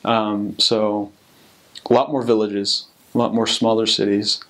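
A young man, a returned missionary, casually telling stories and giving advice in a relaxed, rambling way with many fillers and restarts. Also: lowish voice, measured pace. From United States.

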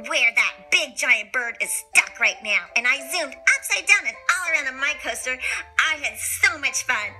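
A woman tells a children's bedtime story with a high, very bright voice. She reads playfully, full of animated sound effects, with soft music underneath. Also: poor audio. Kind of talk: expressive children's story reading.

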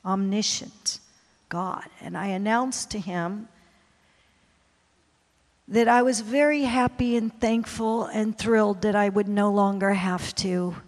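A woman missionary preacher telling a confessional story in a sermon, swinging from hushed to loud. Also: medium pitch, slow. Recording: long hall reverb.

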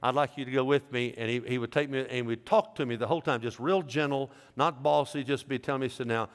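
Man, middle-aged pastor, folksy joking sermon, ordinary pitch, big reverberant church hall. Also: fairly even intonation, fast. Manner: folksy, joking, conversational preaching. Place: large church sanctuary.

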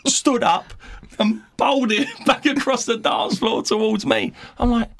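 A man, a former footballer, telling animated anecdotes on a podcast and acting out the people he quotes. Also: extremely high pitch, unhurried, vocal fry. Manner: animated storyteller, acts out quotes, laughs mid-story. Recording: dry close mic in small studio.

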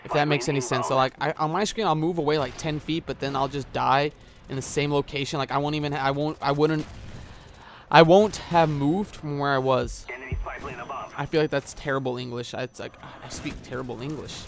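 A man's voice: on the high side, fairly even intonation, fairly quick, slight background noise. A man giving casual gameplay commentary as a gaming YouTuber, rambling with many filler sounds and swearing at the game, recorded on a headset mic.

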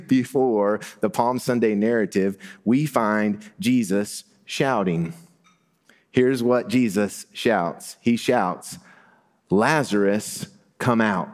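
A middle-aged male pastor giving a sermon, talking in a relaxed, conversational way that builds to emphatic moments. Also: fairly low pitch. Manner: conversational preaching with rising emphasis and light laughs.

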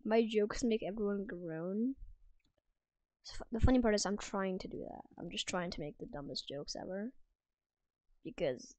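A woman's voice: medium pitch, moderate pace, a little mellow, dry recording. A woman giving casual, self-mocking gameplay commentary from a room at home, often dropping into whispered asides. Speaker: gaming video creator.

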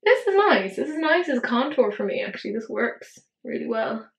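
A woman's voice: on the high side, brisk, creaky, poor audio. A woman in her thirties chatting casually through a makeup tutorial. She swears freely and talks to herself as she works. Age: 30s. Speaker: beauty vlogger.

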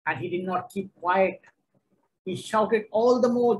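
A man's voice: sits high, unhurried, poor audio. A man preaching a sermon, emphatic and repetitive, driving each point home.

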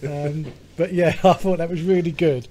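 A man's voice: on the high side, steady tone, normal speed, dark tone, a little hiss or hum. A British man, a podcast co-host, telling a long rambling story in casual chat with lots of fillers. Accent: British English.

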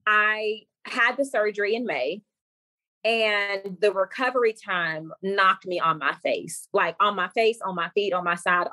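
Appearing on a podcast, a young women's coach chats casually about her own experiences, vividly acting out what others said. She speaks at a medium pitch, with no room sound.

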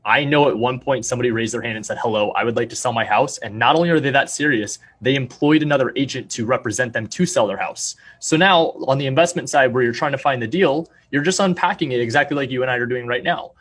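A man's voice: mid-range voice, fast, hardly any pauses, fairly bright tone, breathy edge. A young man, a real estate agent, explaining his deals in a confident, salesy way during a podcast interview. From Arizona, USA. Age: young adult.

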